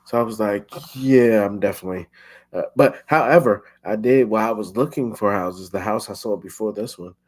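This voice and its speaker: A man's voice: on the low side, brisk. A young man hosting a podcast, chatting casually and acting out his own thoughts as quotes. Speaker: podcast host. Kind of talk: casual chat.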